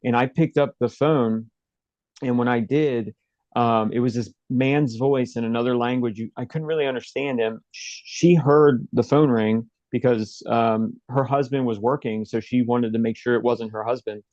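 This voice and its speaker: A man interview guest recounting a personal story in a halting, rambling way, with many fillers and restarts. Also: mid-range voice, fairly even intonation, a little mellow, no echo, muffled recording.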